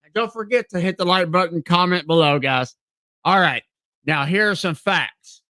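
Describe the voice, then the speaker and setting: A man with a Southern accent hosting a live stream, reading text aloud haltingly and stopping to apologize and chat with viewers. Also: sits high, bright, forceful tone, no echo. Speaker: live stream podcast host.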